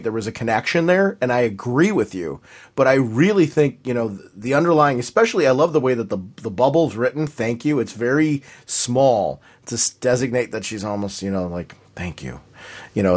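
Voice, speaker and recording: A man's voice: mid-range voice, a little mellow. A man co-hosting a podcast in casual chat, emphatic and enthusiastic, often repeating his points. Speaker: podcast co-host.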